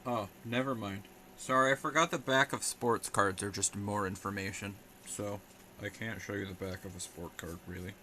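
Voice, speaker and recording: Young man, streamer, lowish voice, sarcastic rambling chat, noisy room audio. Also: fairly even intonation, normal speed, sharp tone. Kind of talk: casual live-stream chat.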